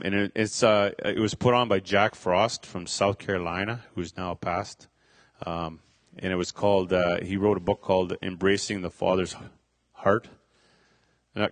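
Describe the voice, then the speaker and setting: Low-voiced man giving halting testimony. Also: steady tone, dry recording. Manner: halting, many fillers and restarts. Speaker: speaker sharing a testimony. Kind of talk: personal testimony.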